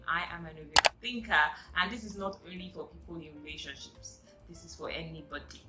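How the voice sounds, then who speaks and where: A woman's voice: sits low, fairly quick, few pauses, roomy sound, over loud music, low-quality recording. A woman vlogger giving a chatty, emphatic self-help talk straight to her viewers.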